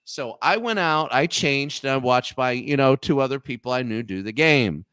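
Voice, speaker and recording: A man's voice: medium pitch, normal speed, clean tone, no room sound. A man in his thirties tells a long, rambling story as a guest on a casual talk show, restarting his sentences as he goes. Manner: rambling, animated anecdote with restarts.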